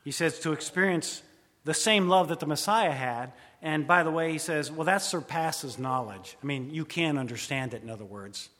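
A man preaching a sermon as pastor, dramatic, swinging from loud emphasis to hushed asides. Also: fairly high pitch, moderate pace. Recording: long hall reverb.

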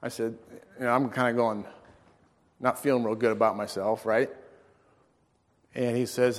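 A man preaching a storytelling sermon in a folksy, animated way, acting out the dialogue in his story. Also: medium pitch, moderate pace, long pauses. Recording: long reverb in a large hall.

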